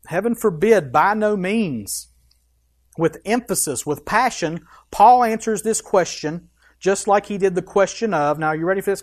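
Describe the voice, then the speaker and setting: In his sermon, a medium-pitched pastor with a darkish tone works through scripture, reading verses aloud before driving their point home. He preaches with punch and emphasis, tossing in quick offhand asides that interrupt the reading.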